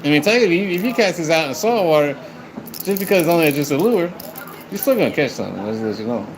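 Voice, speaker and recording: A man's voice: a little high, big pitch swings, fast talker. A man chatting on a live stream, rambling and swearing as he talks to his viewers. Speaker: livestreamer. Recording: noisy background.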